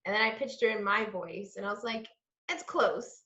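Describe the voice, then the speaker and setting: A bubbly woman voice actress chatting casually on a podcast, her voice set a little high. She laughs often. The sound is roomy and slightly dull, like a lo-fi home recording. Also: fairly quick, sharp tone. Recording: echoey room, dull lo-fi sound.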